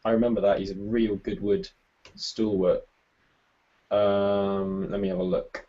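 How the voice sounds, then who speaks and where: A man giving his views as a pundit in a casual chat, hesitant and halting. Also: lowish voice, level tone, dark tone. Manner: hesitant, full of ums and restarts. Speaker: panel pundit. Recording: muffled lo-fi recording.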